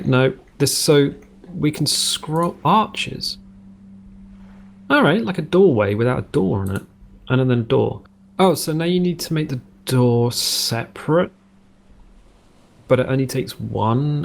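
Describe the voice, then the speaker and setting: A man's voice: mid-range voice, gravelly. A man hosting a casual let's-play from home, rambling through jokey tangents and cutting himself off mid-sentence. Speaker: gaming video host.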